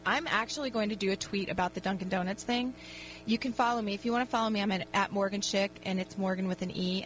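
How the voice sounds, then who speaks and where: A woman's voice: mid-range voice, muffled recording, slight background noise. A woman hosting a call-in radio advice show, talking in an upbeat, emphatic pep-talk manner.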